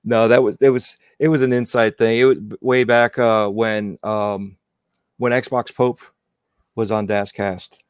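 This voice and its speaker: A man's voice: fairly low pitch, flat delivery, a little slow, clear, resonant tone, no room sound, clean studio sound. A man talking as a guest on a casual podcast, rambling and repeating himself with many "you know"s. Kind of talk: casual chat.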